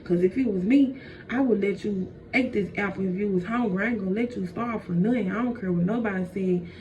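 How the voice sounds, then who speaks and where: A crafty male snake, slow and smooth as he flirts, pitched a little lower than the teller's own voice, as a woman puts him on. The voice drops low and coaxing, full of slang. It comes through dull and muffled, a bit far from the mic, with a light hiss underneath. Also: darkish tone, lightly acted. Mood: taunting. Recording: dull, distant, faint noise.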